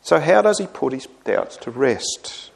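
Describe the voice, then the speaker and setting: A man preaching a sermon, voicing the psalmist's complaints with lively rises. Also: medium pitch, a little slow, gravelly.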